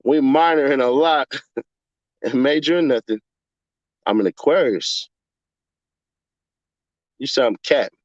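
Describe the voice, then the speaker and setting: On a livestream, a young man chats casually and reads his chat aloud, cursing, laughing often, and swinging from mumbling to yelling. His mid-range voice is a little slow with long pauses, and the recording sounds dull, lo-fi, and dry with no echo.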